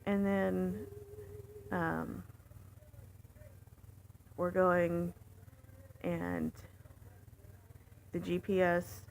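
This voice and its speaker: A woman's voice: lowish voice, flat delivery, drawn-out words, creaky, long pauses, slight background noise, poor audio. A woman rideshare driver telling a story in a candid, chatty way, with fillers. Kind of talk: casual storytelling vlog.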